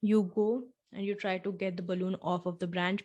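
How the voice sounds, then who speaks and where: A woman hosting a podcast, talking the listener through a scenario in the second person with soft asides, and slowing down on key points. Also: mid-range voice, little pitch movement. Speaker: podcast host. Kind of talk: reflective storytelling podcast.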